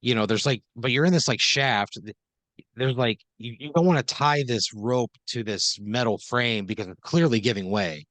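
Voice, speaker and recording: A man's voice: medium pitch, normal speed, a bit bright, dry recording. A man improvising a comedic second-person story on a podcast, rambling loosely with lots of fillers.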